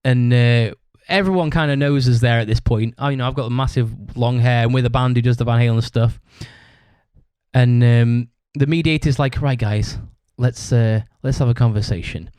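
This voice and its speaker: A man's voice: medium pitch, moderate pace, clear, resonant tone, dry recording. A man hosting a podcast, rambling through a story in casual chat, swearing constantly. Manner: acts out other people's shouted lines. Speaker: podcast host.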